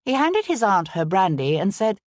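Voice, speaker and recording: A woman narrating an audiobook in an even, measured reading style. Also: mid-range voice, no echo, studio quality. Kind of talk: scripted narration.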